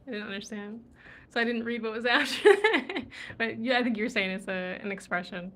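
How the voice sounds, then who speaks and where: A woman's voice: mid-range voice, fast, sharp tone, a little hiss or hum. A woman from the USA hosting a livestream, chatting casually and laughing often as she reads viewer comments, tired from travel. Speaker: livestream host. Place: indoors in Morocco.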